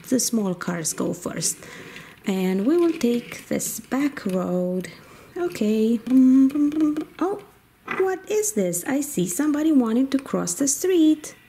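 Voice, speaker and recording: A woman's voice: high voice, warm tone, slight background noise. A woman playfully narrating a children's toy car game in a sing-song way, making car and animal noises.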